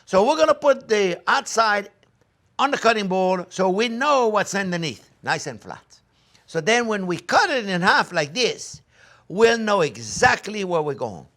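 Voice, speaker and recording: A man's voice: high voice, very animated, a little slow, sharp tone. An older man hosting a cooking demonstration, enthusiastic and coaxing, talking straight to viewers as his friends. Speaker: chef and cooking show host.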